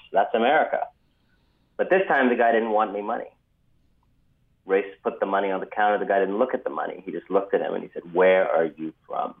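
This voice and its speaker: Male author guest, low voice, measured with ums, phone-line audio. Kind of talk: radio interview storytelling.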